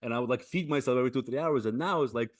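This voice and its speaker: A man hosting a podcast, telling stories in a lively, casual way. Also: mid-range voice, rapid-fire. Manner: lively storytelling. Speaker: podcast host.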